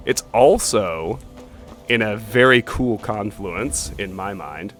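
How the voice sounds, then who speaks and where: A man's voice: on the low side, animated, slow pace, a bit bright, faint music behind. A man hosting a let's play, chatting casually as he plays, thinking aloud and swearing offhandedly. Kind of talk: casual gaming commentary.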